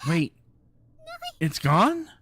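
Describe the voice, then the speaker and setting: A woman's voice: sits low, very animated, very slow, fairly bright tone, a little hiss or hum, pitched below the performer's own voice, exaggerated voice. A woman voicing a frightened teenage schoolgirl who is lost on her own, stammering and panicky. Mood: anxious. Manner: panicky, stammering, breathless questions. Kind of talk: dramatic game dub read-along.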